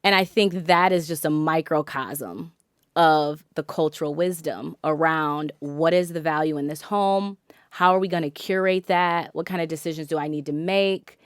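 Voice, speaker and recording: A woman co-hosting a podcast, a mother sharing a family story in a candid, animated, casual way with frequent laughter. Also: low voice, normal speed, clean tone, no echo, studio quality. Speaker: podcast co-host; mother of several children.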